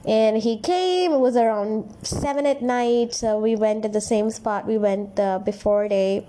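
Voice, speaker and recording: Young woman vlogger, slightly high voice, rambling candid storytime, confiding and emotional. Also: unhurried, mellow. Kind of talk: casual storytime vlog.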